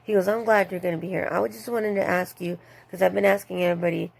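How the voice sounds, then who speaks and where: A woman's voice: fast talker, vocal fry, few pauses. A woman who works in retail, casually telling a story about her job and acting out what her coworkers said. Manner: animated, acts out others' lines with higher pitch. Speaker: retail store worker.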